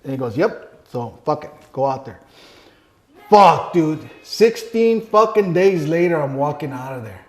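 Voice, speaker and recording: A man's voice: fairly high pitch, animated, a little slow, a little mellow. Profane, blunt middle-aged man telling his story. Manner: profane, blunt storyteller who acts out quoted dialogue. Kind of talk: casual sit-down interview, heavy swearing.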